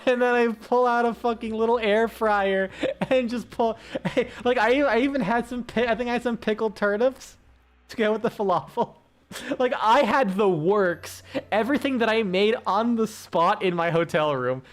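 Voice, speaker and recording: A tired man chatting casually while streaming a game, rambling and excitable, swearing and laughing often. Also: high-pitched, normal speed. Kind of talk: casual gaming stream chat.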